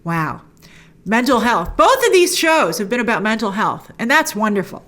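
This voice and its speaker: A woman hosting a casual spoken review of a TV episode, acting out characters' lines and adding frequent asides. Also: fairly high pitch. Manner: animated, acts out characters' lines in quick voices.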